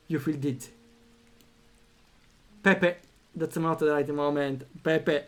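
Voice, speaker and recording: Male streamer, fairly high voice, reads the game aloud, chatty reactions. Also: takes it slowly, pauses often, faint music behind. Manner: animated, reacts out loud, thinks aloud with fillers. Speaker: streamer playing a story game. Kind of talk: reading a text game aloud with commentary.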